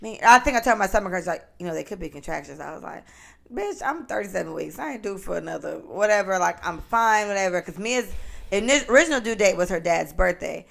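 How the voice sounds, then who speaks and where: A woman's voice: medium pitch, expressive, fast, creaky. A woman in her twenties co-hosting a casual podcast chat, telling a story candidly with profanity and lots of quoted speech. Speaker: podcast co-host.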